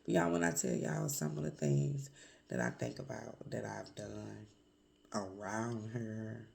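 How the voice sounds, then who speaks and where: Hoarse, gravelly woman vlogger. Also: a bass voice, darkish tone. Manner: candid, reflective, with many pauses and fillers. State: hoarse from a cold. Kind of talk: personal confessional vlog.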